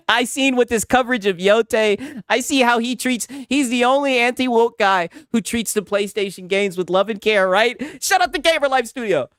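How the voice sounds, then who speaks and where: A man reacting to posts on a casual stream, animated and laughing, with "right?" after many lines. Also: extremely high pitch, normal speed, clean tone, no room sound, clean studio sound.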